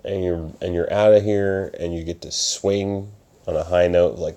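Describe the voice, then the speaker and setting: A man's voice: sits low, fairly even intonation, normal speed, dark tone. A young man hosting his podcast alone, talking casually and rambling from topic to topic in his room at night. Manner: rambling, self-distracted, slips into mock voices. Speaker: podcast host and open mic organizer. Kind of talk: casual solo talk. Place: upstairs room in his parents' house at night.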